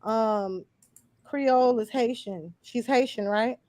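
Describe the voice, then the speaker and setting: A woman's voice: a little high, slow, warm tone, no echo. A woman co-hosting a casual recap chat, blunt and sassy, full of slang. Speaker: podcast co-host.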